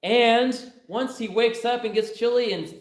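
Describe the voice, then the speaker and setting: A man voicing a giddy, excited teenage daughter in a breathless, animated rush. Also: extremely high pitch, a little slow, pitched above the performer's own voice. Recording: roomy church hall.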